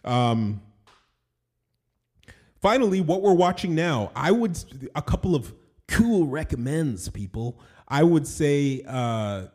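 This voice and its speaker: Rambling, mellow-voiced male podcast host. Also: fairly high pitch, big pitch swings, slow pace. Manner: rambling, chatty, laughs at himself. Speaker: podcast host and animation studio owner. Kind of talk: casual solo podcast monologue.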